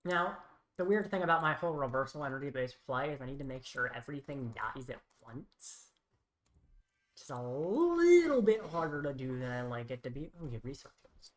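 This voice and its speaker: A woman streaming a card game who mutters her plays aloud in a wry, thinking-out-loud manner. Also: rumbling low, big pitch swings, moderate pace. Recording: roomy echo.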